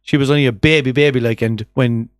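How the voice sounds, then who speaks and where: Irish man in his thirties, lively banter, dry close mic. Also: medium pitch, fast, clear, resonant tone, no room sound. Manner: jokey, swearing, laughing a lot. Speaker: podcast co-host. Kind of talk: casual banter on a live stream.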